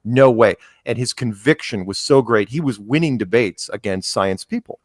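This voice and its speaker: A man's voice: on the low side, expressive, normal speed, no room sound, clean studio sound. A man chatting as a podcast guest, telling rambling stories and acting out quotes from others. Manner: rambling storyteller, acts out quotes. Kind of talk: casual interview chat.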